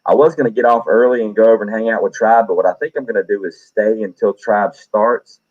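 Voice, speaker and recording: A man hosting a stream, casually telling animated stories and acting out the people he quotes. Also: on the low side, fast, muffled recording. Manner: animated, acts out quoted voices. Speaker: stream host. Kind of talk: casual storytelling.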